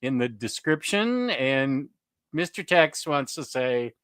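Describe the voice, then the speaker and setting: Bright, slow-talking male stream host. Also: mid-range voice, big pitch swings, clear, resonant tone, no room sound, clean studio sound. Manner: laughs often, loose and chatty. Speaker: livestream host. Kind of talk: casual chat.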